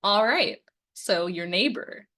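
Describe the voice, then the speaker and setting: A woman's voice: medium pitch, lively intonation, takes it slowly, bright, forceful tone. A young woman campaigner giving a quiz-style lesson, posing questions and explaining answers with frequent ums. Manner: poses multiple-choice questions and explains answers, friendly coaching tone. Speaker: media and democracy campaigner. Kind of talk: instructional quiz-style presentation.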